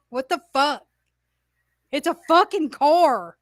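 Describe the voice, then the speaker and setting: A woman hosting a live talk stream, her voice pitched high and bright with a sharp edge. She swears freely and tells stories with incredulous, laughing disbelief. The sound is close and dry. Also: expressive, a little slow, no room sound. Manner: profane, laughing, incredulous storytelling. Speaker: talk show host. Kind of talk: casual chat. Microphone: livestream studio mic.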